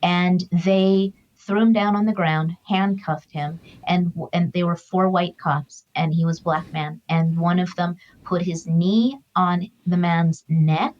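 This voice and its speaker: Woman, middle-aged, lower pitch, earnest, reflective, spiritual, muffled lo-fi sound. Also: fairly even intonation, a little slow, few pauses. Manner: earnest, heartfelt, spiritual storytelling. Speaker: guest, author and grief counselor. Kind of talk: reflective conversational interview.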